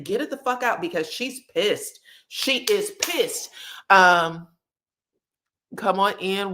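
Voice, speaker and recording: A woman hosting a gossip recap, storytelling with sass and plenty of swearing. Her pitch swings widely, rising and falling through each line. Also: measured pace. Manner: animated, sassy, profane storytelling. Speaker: host. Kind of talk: reality TV recap commentary.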